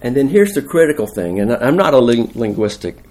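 A man's voice: mid-range voice, very animated, a little fast, a little mellow. A man preaching a sermon in a conversational, emphatic way, asking the listeners questions. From United States.

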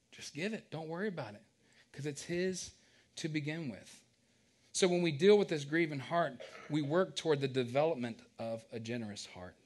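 A man preaching a casual sermon, joking and asking the congregation questions. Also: fairly high pitch.

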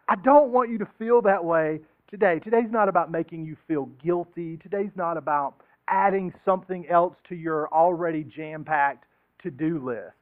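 A man's voice: on the high side, moderate pace, no room sound. A man preaching a casual sermon in a joking, conversational way, acting out the voices of people he quotes. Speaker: pastor. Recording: tinny phone-like sound.

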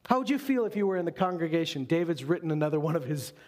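A male pastor delivering a conversational sermon to a congregation, animated and full of quick asides. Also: on the high side.

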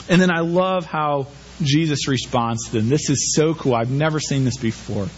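Man, sermon, rhetorical questions, a bit high-pitched, dull recording. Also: moderate pace, slightly rough. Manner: animated preaching with rhetorical questions. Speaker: pastor.

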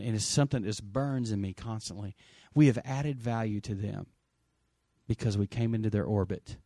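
A middle-aged man preaching a sermon as pastor, conversational, swinging between loud emphasis and quiet asides and calling for amens. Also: on the high side, no room sound, studio quality. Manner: asks the congregation for amens.

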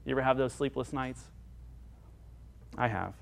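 A man preaching a sermon as pastor, earnest and dynamic, moving between emphatic lines and hushed ones. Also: medium pitch, normal speed, gravelly.

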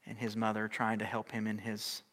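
A middle-aged man preaching a sermon as pastor, shifting from loud, urgent exhortation down to soft, near-whispered lines. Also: fairly low pitch, completely flat delivery, a little fast. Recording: long hall reverb.

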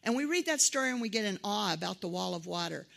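Gravelly-voiced woman preaching a sermon. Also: medium pitch, fast talker. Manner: conversational, animated quoted voices. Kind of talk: sermon with personal stories.

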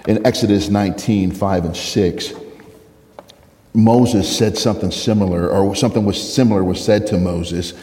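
Pastor, male, low mellow voice, lively storytelling sermon full of laughs, long hall echo. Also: normal speed. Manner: animated storyteller, laughs often, acts out quoted dialogue.

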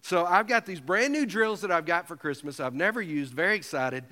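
A man delivers a sermon as a pastor, his voice high and bright as he tells a funny, self-mocking story. The sound rings with a long reverb from a church sanctuary. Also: expressive, fairly quick.

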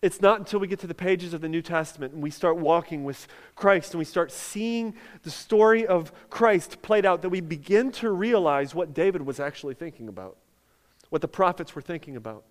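A pastor preaches conversationally, using "like" a lot and building to emphatic peaks. His voice is high-pitched and a little mellow, with long hall reverb around it.

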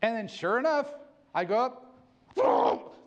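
A man's voice: extremely high pitch, huge pitch swings, slow, vocal fry, dull audio. A middle-aged man preaching a sermon, candid and self-mocking, laughing often. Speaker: pastor.

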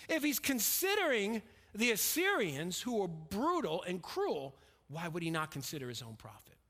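A man with a high-pitched voice preaches a verse-by-verse sermon, pressing his points hard and then dropping to a hush. His voice rings with the long reverb of a large hall. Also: wildly swooping pitch, normal speed. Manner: emphatic, swings between raised and hushed delivery. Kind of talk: expository sermon on scripture.

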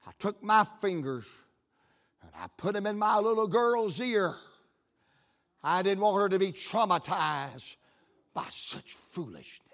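Indignant woman hairdresser, put on by a preacher, prim, softer and lower voice, high-pitched speaker. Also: animated, measured pace, vocal fry, pauses often, full character voice. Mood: scandalized. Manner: prim, scandalized.

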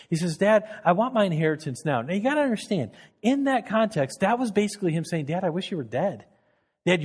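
Earnest preacher in a reverberant hall. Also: male voice, a little high, a little mellow, slightly rough. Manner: earnest storytelling, building intensity. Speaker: pastor. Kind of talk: sermon.

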